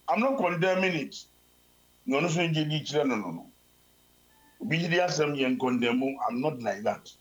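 A man's voice: on the high side, poor audio. Man preaching a sermon. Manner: preaching, switching between Twi and English.

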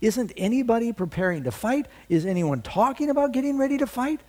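A preacher putting on a high, indignant young shepherd. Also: male voice, expressive, moderate pace, darkish tone. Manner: pleading, outraged questions. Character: young shepherd boy David, indignant and eager.

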